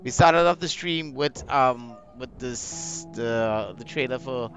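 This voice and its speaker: A man's voice: mid-range voice, takes it slowly, fairly bright tone, soft background music. A man hosting a gaming stream, chatting casually and repeating words as he hesitates. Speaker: stream host.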